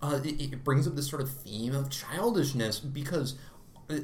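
A man's voice: mid-range voice, expressive, moderate pace. A man in a casual film discussion, speaking thoughtfully with hesitant restarts. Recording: roomy with faint noise.

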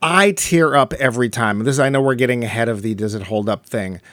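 A man's voice: mid-range voice, a little fast, a bit bright, no room sound. A man co-hosting a podcast, chatting casually about a movie and retelling scenes with acted-out quotes. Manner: enthusiastic, acts out quotes in character. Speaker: podcast co-host. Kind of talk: casual movie review chat.

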